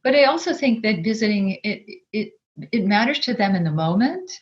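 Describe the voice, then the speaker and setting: A woman's voice: mid-range voice, very animated, a little fast, lo-fi sound. A woman author talking as a podcast guest, earnest and reflective, often restarting her sentences. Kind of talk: podcast interview conversation.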